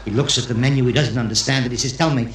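A man's voice: medium pitch, fairly even intonation, racing, fairly bright tone. A man telling stand-up jokes to a live audience, storytelling with Yiddish phrasing and putting on character voices. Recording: echoey room with faint noise.

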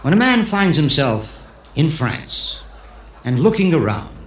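A man's voice: fairly high pitch, big pitch swings, unhurried. A man telling stand-up jokes to a live audience, storytelling with Yiddish phrasing and putting on character voices. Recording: echoey room with faint noise.

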